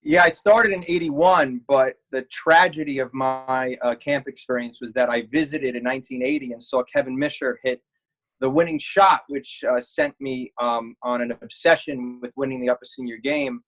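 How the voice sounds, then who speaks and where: A man's voice: mid-range voice, moderate pace, a bit bright, rough recording. A man in his forties, a camp alumnus, telling old stories in an interview with dry humor. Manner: wry, storytelling with humor. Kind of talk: reminiscing interview answers.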